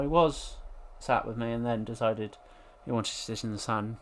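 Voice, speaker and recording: Gravelly man chatting to his dog. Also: medium pitch, moderate pace, hardly any pauses. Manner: rambling, talks to his dog, dry asides. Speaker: live streamer. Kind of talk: casual live stream chat.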